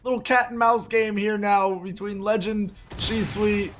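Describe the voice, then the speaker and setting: A man calling live esports play-by-play, excitable, with quick exclamations and frequent laughs. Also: high-pitched, slight background noise.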